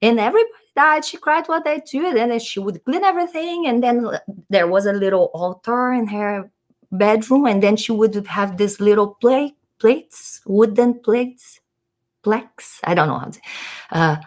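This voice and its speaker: A woman's voice: on the high side, normal speed. A woman vlogger musing in a casual monologue, rambling and hesitating as she searches for words.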